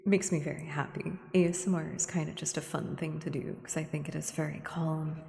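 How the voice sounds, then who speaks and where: A woman streamer talking gently in a soft ASMR style, often slipping into a whisper. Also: sits low, fairly even intonation, a little fast, vocal fry, hardly any pauses. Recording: echoey room with long reverb.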